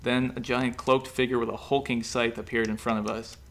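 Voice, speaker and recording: A man reading a comic horror story aloud in a brisk, deadpan way. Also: medium pitch.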